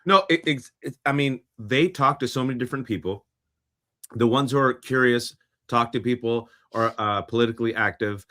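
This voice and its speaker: A man's voice: mid-range voice, normal speed, sharp tone. Conversational male co-host, mid voice. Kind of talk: casual political chat.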